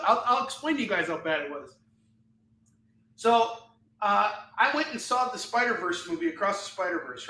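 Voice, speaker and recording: A man hosting a live comic-selling stream, animated and ranting, often breaking into laughter. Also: high-pitched, far from the mic. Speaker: live shopping show host selling comics. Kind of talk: live-stream sales chat and rant. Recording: echoey room.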